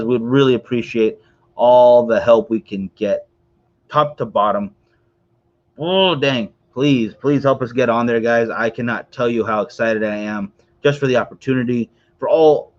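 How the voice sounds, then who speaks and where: A man's voice: medium pitch, dull audio. Rambling man hosting a cigar stream. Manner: rambling, chatty, many fillers and asides to viewers. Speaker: host of a cigar morning show. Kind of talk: casual livestream chat.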